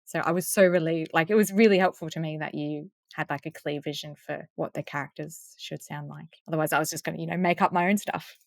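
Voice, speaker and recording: A woman with a lowish voice chats casually in an interview about her work as an audiobook narrator. She tells anecdotes in a chatty way, with lively swings in her delivery. The sound is close and dry, with no room in it. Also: fast talker, vocal fry, hardly any pauses, dry recording.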